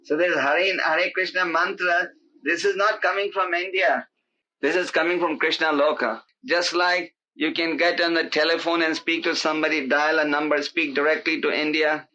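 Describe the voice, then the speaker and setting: A man giving an animated sermon as a spiritual teacher, emphatic and pleading, acting out the voices he quotes. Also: a little high, normal speed. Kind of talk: sermon to a live gathering. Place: indoor hall with an audience. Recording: dull lo-fi tape recording.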